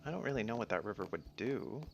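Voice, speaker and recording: A man streaming a game in a relaxed, casual way, musing to himself as he plays. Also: lowish voice, quick pace, creaky. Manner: easygoing, mumbles to himself while playing. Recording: slightly dull sound, faint music behind.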